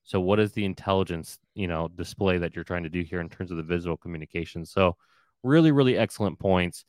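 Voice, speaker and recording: A man's voice: sits low, fast, a little mellow, no room sound. A man hosting a casual interview podcast, talking in long rambling questions with many restarts. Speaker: podcast host.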